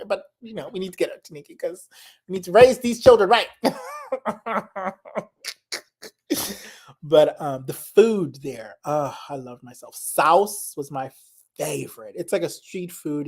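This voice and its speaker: Young woman, low-ish voice, rambling casual guest, enthusiastic, laughs a lot. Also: a little mellow. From Zimbabwe. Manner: rambling, enthusiastic, laughs often, repeats herself. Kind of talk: casual chat.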